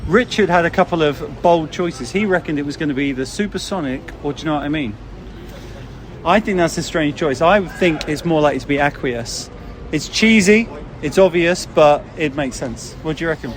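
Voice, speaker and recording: Excitable high-voiced podcast host. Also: male voice, moderate pace. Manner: excitable, swears casually. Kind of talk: casual interview.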